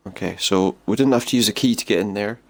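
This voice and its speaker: A man's voice: fairly low pitch, fast talker. A man casually commenting on a role-playing game he is playing, chatty and thinking aloud as he goes. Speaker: gaming streamer. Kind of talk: casual let's-play commentary.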